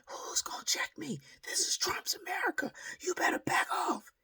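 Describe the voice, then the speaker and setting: Lady doing a furious screaming woman, high and shrill, gravelly edge, yelling threats. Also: big pitch swings, normal speed, in a whisper, heavily acted.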